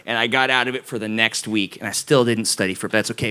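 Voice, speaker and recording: A man preaching a youth sermon, telling a self-mocking story in an animated way before turning to the lesson. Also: lowish voice, fast, noisy background. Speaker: youth pastor.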